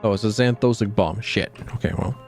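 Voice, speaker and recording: A tired male game streamer chatting casually while he plays, rambling and halting with lots of filler words. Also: fairly low pitch, gravelly, a little mellow, faint music behind. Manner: rambling, halting, full of "like" and restarts. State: tired and sleepy. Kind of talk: casual live-stream commentary.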